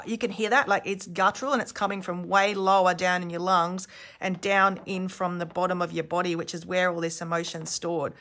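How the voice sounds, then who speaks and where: An emotional release coach with a bright, medium-pitched voice gives a casual instructional talk into a handheld phone. She's chatty and candid, demonstrating screams and other sounds aloud.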